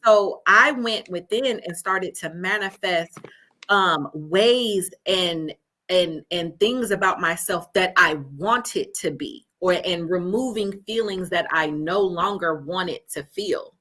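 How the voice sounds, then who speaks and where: A woman coach talks from her home office in a low, bright, forceful voice. She tells her story earnestly, stopping often to ask "right?". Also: takes it slowly. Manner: storytelling, earnest, with frequent "right?" check-ins. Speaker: life coach guest. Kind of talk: conversational interview.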